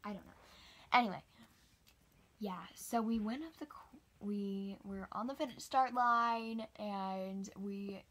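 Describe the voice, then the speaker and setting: A teenage girl telling a rambling storytime for her channel, chatty with many fillers and soft whispered asides. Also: mid-range voice, slow. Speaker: vlogger. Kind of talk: casual storytime.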